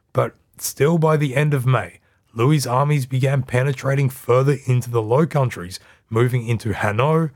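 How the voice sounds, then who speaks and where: A man hosting a history podcast, reading a scripted narration in a measured way with dry asides. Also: mid-range voice.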